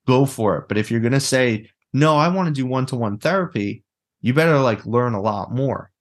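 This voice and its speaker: As a guest on a casual interview, a therapist and mindset coach speaks bluntly and with animation, cursing freely. His medium-pitched voice is expressive and moves at normal speed.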